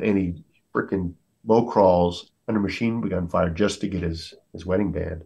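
A man's voice: sits low, fairly even intonation, moderate pace, vocal fry, a little mellow, husky. A middle-aged American man, a military veteran, telling war stories earnestly on a podcast, with many fillers and acted-out quotes. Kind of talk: storytelling in a podcast interview.

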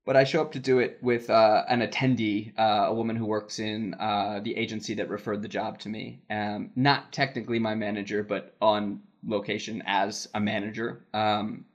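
A man's voice: fairly low pitch, little pitch movement, normal speed, few pauses, highs cut off. Chatty man telling a work story. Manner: chatty, laughs while telling anecdotes, many "like" fillers. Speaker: podcast co-host, voice actor in Japan. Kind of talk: casual podcast chat, storytelling.

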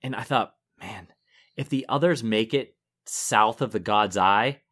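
A man co-hosting a relaxed podcast conversation. He chats easily, laughs often, and drifts off mid-sentence before picking the thought back up. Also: lowish voice, measured pace. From northern United States. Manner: chatty, laughs often, trails off and restarts. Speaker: podcast co-host. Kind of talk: casual chat.

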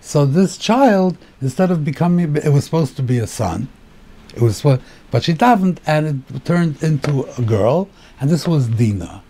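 A rabbi giving a Torah class on the weekly portion, explaining the text step by step, asking rhetorical questions and mixing in Hebrew terms. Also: male voice, fairly high pitch, animated, moderate pace, warm tone, slightly rough.

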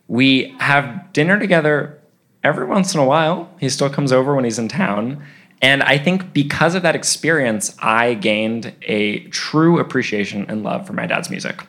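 Animated young man telling a story. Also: mid-range voice. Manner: animated, laughs through his story. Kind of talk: live storytelling on stage.

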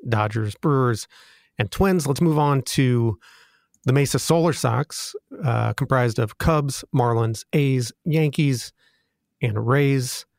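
A man hosting a baseball podcast, moving briskly between segments and handing off to his co-hosts. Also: medium pitch, gravelly, a little mellow, no room sound, clean studio sound. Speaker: podcast host.

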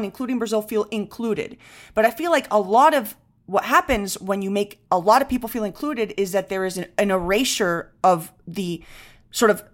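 A young woman from Venezuela co-hosting a podcast, talking with passion and speed and slipping in Spanish words. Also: medium pitch. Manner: impassioned, rapid and animated, mixing in Spanish words. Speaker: podcast co-host. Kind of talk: casual chat.

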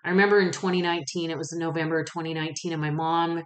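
Female podcast host, low-ish voice, candid and salty, animated storyteller, roomy echo on the recording. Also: racing. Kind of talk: casual personal monologue. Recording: echoey room.

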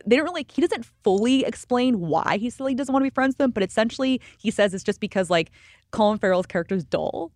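A woman's voice: fairly high pitch, expressive, quick pace, a little mellow, no room sound. A young woman co-hosting a podcast, chatting casually about a film with lots of fillers and restarts. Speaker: podcast co-host, film reviewer. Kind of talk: casual chat.

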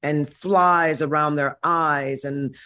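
60s lady from missouri, brassy and profane, drawls her stories out slow. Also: deep voice, steady tone, pushed and bright. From Missouri, USA. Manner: brassy, profane, dramatic storyteller. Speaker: guest. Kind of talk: storytelling interview.

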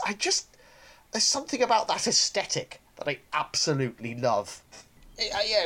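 A man's voice: fairly high pitch, fairly bright tone. A man chatting on a podcast, rambling with many restarts as he enthuses. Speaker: podcast co-host. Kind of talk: casual podcast chat.

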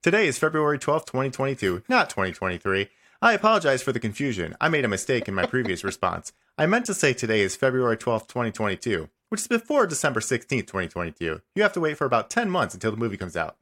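Guy doing a smug passive-aggressive chatbot, talks fast, insists it's always right. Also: medium pitch. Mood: insistent. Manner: insistent, repetitive, ends lines with flat "smiley face". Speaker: podcast host. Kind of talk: comedic dramatic reading of a chat log.

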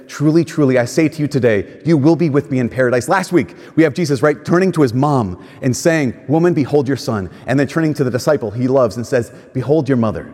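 A man delivers a sermon with a husky, breathy edge to his voice. His pitch rises and falls in lively swings as he reads scripture with dramatic pauses. The sound carries the long reverb of a large hall. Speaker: preacher.

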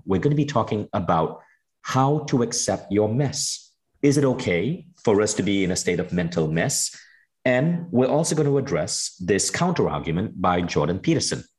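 Deep-voiced enthusiastic male podcast host. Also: poor audio. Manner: enthusiastic, upbeat introductions. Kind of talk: interview with scripted intro.

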